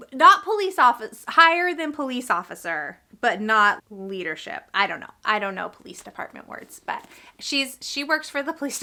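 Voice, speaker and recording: Woman, casual vlog chat, rambling and chatty, bright forward voice. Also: mid-range voice. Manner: rambling, chatty, self-interrupting. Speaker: reading vlogger; teacher.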